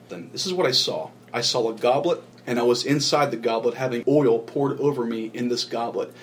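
A man's voice: medium pitch, normal speed, hardly any pauses. A man guest on a talk show earnestly telling his own story, often repeating himself and restarting sentences. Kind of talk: personal testimony in conversation.

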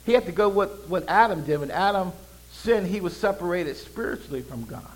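A man preaching a sermon in a high voice, peppering his lines with hallelujahs and calling on the congregation to answer. He swings from loud proclaiming down to low, conversational asides. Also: lively intonation, fairly quick, low-quality recording. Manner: preaching with call-and-response and frequent hallelujahs. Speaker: pastor.

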